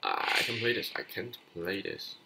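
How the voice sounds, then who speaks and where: Excitable man yelling over gameplay. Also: lowish voice, normal speed, creaky, very noisy. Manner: excitable, swings from frustrated yelling to muttering. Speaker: gaming youtuber. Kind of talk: live gameplay commentary.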